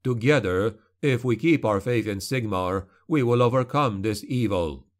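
A man voicing a cold, commanding male witch hunter who speaks slowly and with measured authority. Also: on the low side, natural voice. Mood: stern.

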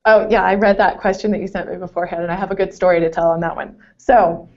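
A woman in her forties, once a competitive swimmer, tells stories in a casual interview, laughing a lot and making self-deprecating asides. She talks fast in a lowish, steady voice. The call audio is dull and lo-fi.

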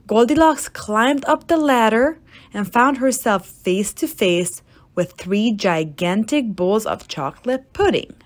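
Playful woman reading a story aloud. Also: mid-range voice. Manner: playful, deadpan asides. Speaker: storybook reader. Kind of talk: read-aloud storytelling for children.

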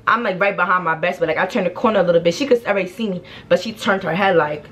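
A young woman telling a story in a casual, slangy, animated way, acting out what people said. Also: lowish voice, very fast, a little hiss or hum. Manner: animated, slangy, acts out the quotes. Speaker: vlogger.

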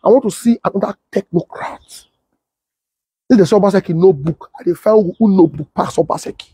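Husky high-voiced Nigerian man in Pidgin. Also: fairly quick, no room sound, studio quality. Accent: Nigerian Pidgin English. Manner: animated, repeats himself, talks straight to viewers. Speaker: political commentator. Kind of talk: casual storytelling in Pidgin.

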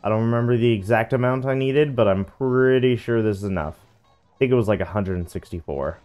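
A man's voice: mid-range voice, brisk, a little mellow, clean tone, soft background music. A young man casually commenting on a video game, reading its text aloud and bluntly complaining about it. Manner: reads in-game text aloud with offhand jokes; blunt, grumbling critique. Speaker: gameplay commentator.

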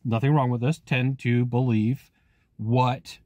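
A man hosts his own sales-training talk, speaking energetically and emphatically straight to the viewer. He keeps checking in with a quick "okay?" as he explains. His voice sits at an ordinary middle pitch, and the sound is dry and close with no room echo. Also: level tone, dark tone. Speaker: sales trainer and channel host. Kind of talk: animated solo teaching talk to camera.

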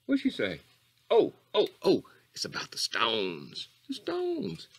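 A man doing rambling Coach Catfish, wildly swinging pitch. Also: huge pitch swings, takes it slowly, vocal fry, husky, full character voice. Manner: rambling, tangent-prone, jumps between squeaky highs and low mutters. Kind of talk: comedic character monologue.

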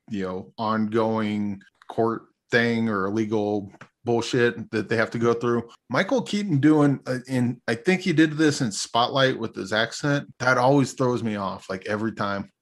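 A man co-hosting a podcast, rambling in a laid-back way through his movie opinions and swearing casually. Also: mid-range voice. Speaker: podcast co-host. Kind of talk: casual movie review chat.

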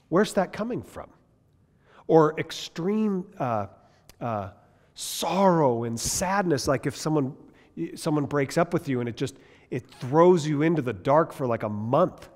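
A man's voice: a little high, expressive, moderate pace, darkish tone. A man teaching a Bible class in an emphatic way, asking many rhetorical questions and often restarting his sentences. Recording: long reverb in a hall.

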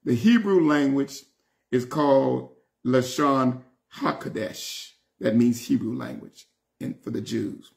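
A man's voice: medium pitch, takes it slowly, gravelly, darkish tone. A man leading a Bible study, teaching emphatically and repeating phrases for stress.

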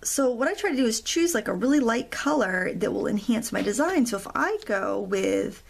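A woman's voice: fairly high pitch, expressive, moderate pace, gravelly, breathy edge. A middle-aged woman hosting a real-time coloring tutorial at a craft table, chatty and rambling, with self-deprecating asides.

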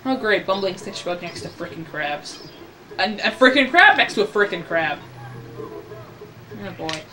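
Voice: mid-range voice, expressive, moderate pace, sharp tone, far from the mic, faint music behind. A host giving casual gameplay commentary, rambling, joking and correcting himself mid-sentence. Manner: rambling, self-correcting, jokey. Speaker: let's play host.

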